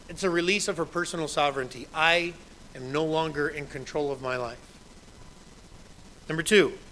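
Bright-voiced man preaching a sermon. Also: a little high, fairly quick, slight background noise, rough recording. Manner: conversational preaching, quoting scripture with emphasis. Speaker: pastor.

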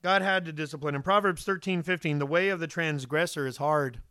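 A man preaching a sermon in an animated way, often putting questions to his listeners and briefly voicing the people in the story. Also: on the high side, fairly quick, smooth, no room sound, studio quality. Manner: animated, asks the listeners questions, voices the figures.

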